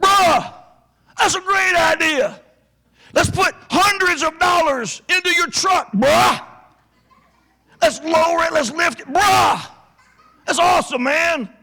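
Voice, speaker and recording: Brief: man doing loud, high-pitched teen pals, hyped and shouty. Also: slow pace, creaky, long pauses, exaggerated voice. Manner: shouting, over-the-top enthusiasm. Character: excited male teen buddies hyping bad ideas.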